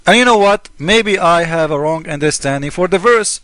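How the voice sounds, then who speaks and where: High-voiced man with broken English. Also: normal speed, few pauses, fairly bright tone, no echo. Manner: emphatic, mocking, broken English grammar. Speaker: video commentator. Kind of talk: casual polemic monologue.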